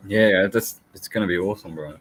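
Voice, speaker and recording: A man's voice: deep voice, a little fast, slight background noise. A man chatting casually on a livestream, rambling through anecdotes and swearing freely. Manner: rambling storyteller, swears casually, mimics his pet. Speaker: livestream guest.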